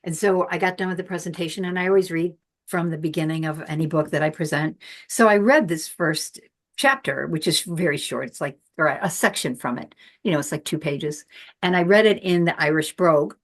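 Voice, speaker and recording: A woman's voice: low voice, fairly quick. Woman host telling stories on a call. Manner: storytelling, laughs at her own anecdotes. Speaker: host and author. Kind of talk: casual podcast chat. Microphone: video call.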